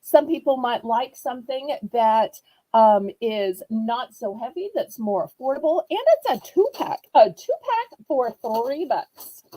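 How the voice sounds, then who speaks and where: A woman's voice: on the high side, warm tone, breathy edge, low-quality recording. A woman with a Southern accent hosting a live online auction, chatty and upbeat as she shows items. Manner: chatty, upbeat, playfully sings prices. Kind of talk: live home shopping sale.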